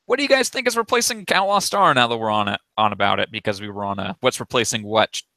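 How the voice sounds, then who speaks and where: A man chatting casually on a podcast, lively, laughing often and throwing in quick asides. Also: lowish voice, no room sound.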